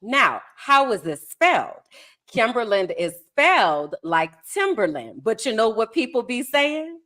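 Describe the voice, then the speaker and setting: A woman co-hosting a casual podcast, talking in an animated, playful way and stretching words for emphasis. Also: a little high, a little slow. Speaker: podcast co-host.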